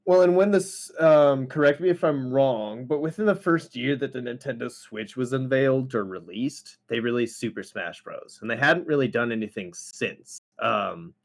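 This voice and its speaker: Lively, swearing man hosting a gaming podcast. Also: medium pitch, normal speed, few pauses. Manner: lively, swears and laughs often. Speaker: podcast host. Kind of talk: casual chat.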